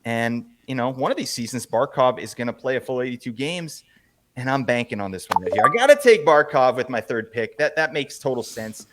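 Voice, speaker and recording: A man hosting a casual podcast chat, teasing his co-hosts and giving quick recaps. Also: medium pitch, very animated, very noisy. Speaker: podcast host. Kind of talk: casual fantasy hockey chat.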